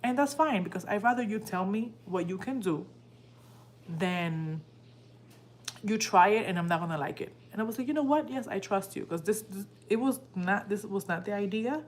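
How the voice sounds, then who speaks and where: A woman's voice: medium pitch, normal speed, slight background noise. A woman hosting a live stream from home, telling a story in a casual, emotional way and acting out what people said. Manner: animated, emotional retelling that acts out quoted dialogue. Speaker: livestream host.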